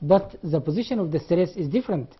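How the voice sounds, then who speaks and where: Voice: medium pitch, expressive, fast talker, breathy edge. Lecturer spelling words aloud. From Sudan. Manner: repeats key terms and spells words out letter by letter; demonstrates sounds aloud. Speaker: university lecturer. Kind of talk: classroom lecture. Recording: dull lo-fi classroom recording.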